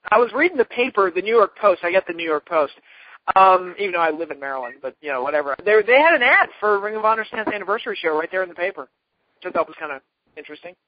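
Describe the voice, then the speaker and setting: A man's voice: sits high, lively intonation, fast. A man co-hosting a casual wrestling talk show, wisecracking and laughing often. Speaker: podcast co-host. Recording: dull lo-fi dry sound.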